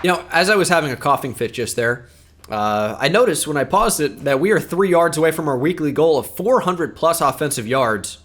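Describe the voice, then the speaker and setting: A gaming YouTuber with a fairly high voice narrates his own gameplay live, a little fast and full of energy. He mutters to himself and then shouts when big plays happen.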